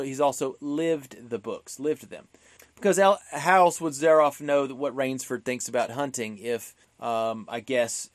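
A man's voice: mid-range voice, dry recording. A man co-hosting a podcast, talking casually about an old film with many fillers and restarts. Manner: chatty, many fillers and restarts, acts out quotes. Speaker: podcast co-host.

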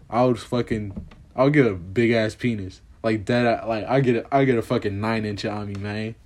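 A man's voice: medium pitch, darkish tone. A young man chatting casually on a vlog, answering questions in a slangy, profane, rambling way, and saying he is putting on an accent. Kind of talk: casual chat.

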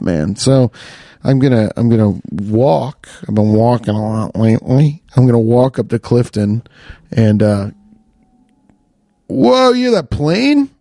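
A man's voice: mid-range voice, warm tone, dry recording. A man ranting in a casual monologue into a close podcast mic, profane and exasperated, with lots of restarts.

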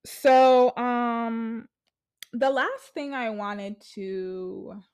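A woman's voice: on the high side, steady tone, extremely slow, darkish tone, clear, resonant tone. A young woman giving casual gossip commentary from her apartment, talking bluntly with lots of swearing and filler words.

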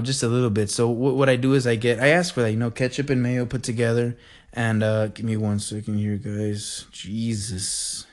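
A man from the El Paso area hosting a podcast, rambling in an animated, digressive way. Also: medium pitch. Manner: animated, digressive, says "freaking" a lot. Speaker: podcast host. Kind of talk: rambling casual monologue.

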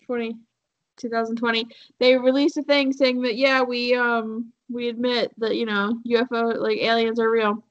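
Woman podcast host rambling thru a story, lots of ums and likes, kinda high voice. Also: flat delivery, moderate pace, muffled recording. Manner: rambling with many fillers and laughs. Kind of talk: casual chat, telling a story.

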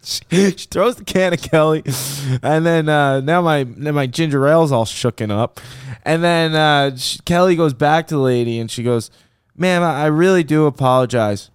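A man hosting a casual podcast chat, telling a story with lively quoted voices. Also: a little high, normal speed, clean tone, no room sound, clean studio sound. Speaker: podcast host.

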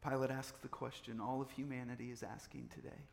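A man's voice: medium pitch, flat delivery, a little fast, vocal fry, in a large hall. A man preaching a sermon, repeating phrases and building up in intensity. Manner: preaching with swelling intensity and repetition. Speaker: pastor.

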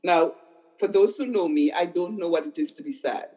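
A woman's voice: lowish voice, moderate pace, a little mellow, low-quality recording. An older woman, a psychotherapist, talking conversationally and repeating words for emphasis. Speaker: psychotherapist guest. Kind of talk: conversational storytelling.

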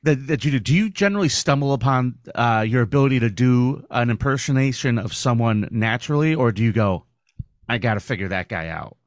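An easygoing male podcast host and stand-up comic, asking questions with dry little jokes. His voice sits at an ordinary pitch and is recorded close and completely dry, with no room sound at all. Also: expressive, brisk, no echo. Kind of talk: casual interview. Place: podcast studio.

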